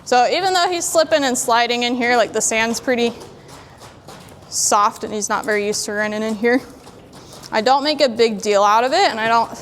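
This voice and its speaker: A woman horse trainer in a sandy arena, calmly explaining while she works a young horse and talks to it. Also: a little high, slight background noise. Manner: calm, plainspoken, talks to the horse in between. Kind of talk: training demonstration.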